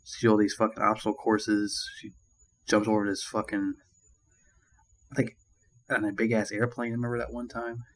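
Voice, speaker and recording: A man's voice: on the low side, monotone, moderate pace, pauses often, low-quality recording. A man giving a casual movie review, rambling and ranting with constant swearing and crude jokes. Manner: crude, profanity-laden rambling; annoyed ranting.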